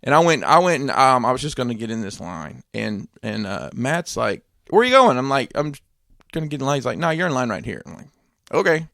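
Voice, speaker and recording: A man's voice: medium pitch, very animated, a little fast, vocal fry, pushed and bright, no echo, studio quality. A man co-hosting a podcast, telling a story in casual chat, swearing and laughing along the way. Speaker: podcast host.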